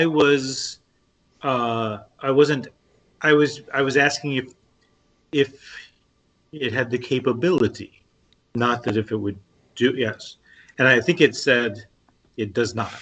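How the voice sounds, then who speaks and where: A man playing a tabletop role-playing game, talking in a halting way with many restarts. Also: mid-range voice, a bit bright, poor audio. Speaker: player.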